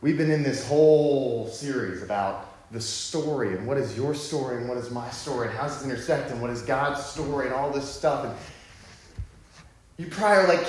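A man's voice: medium pitch, normal speed, very echoey, a little hiss or hum. A man preaching a sermon, telling a personal story casually and then building to fervent emphasis. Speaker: pastor.

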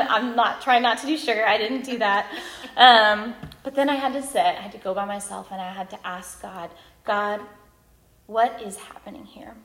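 A woman in her thirties with a mid-range voice shares a candid, self-deprecating personal testimony at a women's ministry gathering. Her storytelling is lively, and the sound is roomy.

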